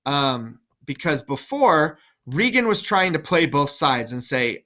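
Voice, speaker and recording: Brief: chatty male teacher walking through a play, bright and forceful tone. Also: a little high, expressive, normal speed, few pauses. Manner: chatty, enthusiastic, full of fillers. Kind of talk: casual classroom explanation.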